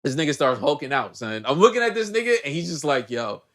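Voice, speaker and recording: A man with a fairly high speaking voice tells a movie recap as a podcast host. His talk is loose and slangy, full of restarts and fillers. He slips into little acted-out voices as he goes. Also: fast talker. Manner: animated storyteller, heavy slang, acts out characters. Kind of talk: casual movie recap chat.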